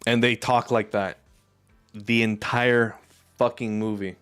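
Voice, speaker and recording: A man's voice: on the low side, little pitch movement, slow, fairly bright tone, clean tone, faint music behind. A male streamer chatting casually as he reacts, blunt and profane, with laughing asides.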